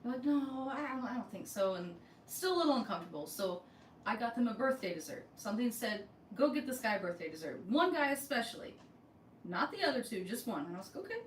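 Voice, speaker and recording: A fast-talking woman with a fairly high voice that swings widely in pitch, co-hosting a theme park vlog channel's casual podcast. She tells stories chattily and performs the quoted dialogue. The room is echoey, the mic sits far away, and there's faint noise.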